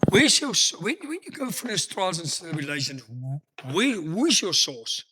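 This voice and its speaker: A man's voice: sits high, big pitch swings, moderate pace, heavy background noise. A man pastor preaching a sermon in an emphatic, storytelling manner, full of rhetorical questions.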